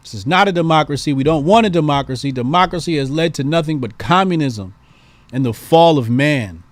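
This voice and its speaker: A man's voice: fairly high pitch, lively intonation, fairly quick, no room sound. A man hosting a call-in show, giving emphatic, preachy political commentary and repeating points for stress.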